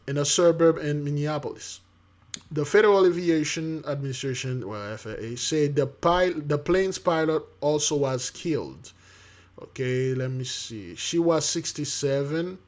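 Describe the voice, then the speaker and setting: Man, online preacher-commentator, halting and restarting, reads news aloud, addresses listeners as beloved. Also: fairly high pitch, a little mellow. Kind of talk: casual spoken commentary.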